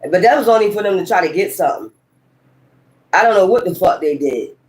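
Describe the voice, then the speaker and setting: A woman's voice: lowish voice, lively intonation, brisk, a little mellow, poor audio. Woman, tarot reader, casual reading to camera, blunt, profane, rambling, emphatic outbursts. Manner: rambling and emphatic, with sudden exclamations.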